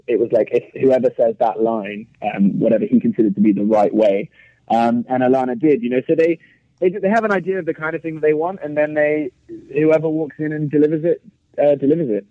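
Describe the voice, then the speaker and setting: Over-articulating English actor. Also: male voice, mid-range voice, steady tone, a little fast, no echo, narrow, tinny audio. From England. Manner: over-articulates, chatty with frequent laughs. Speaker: guest actor. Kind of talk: casual interview chat.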